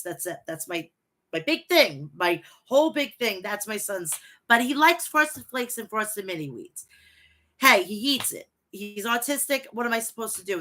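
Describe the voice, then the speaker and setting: Bright-voiced chatty woman streamer. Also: medium pitch. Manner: chatty, swears freely, reads out chat names. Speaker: wrestling review show host. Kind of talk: casual live-stream chat.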